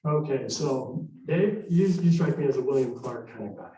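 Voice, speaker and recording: Live before an audience, a middle-aged man tells historical stories in a conversational, animated way, voicing the dialogue himself. He has a mid-range voice at a moderate pace, and the arts center hall makes the distant-mic recording echoey.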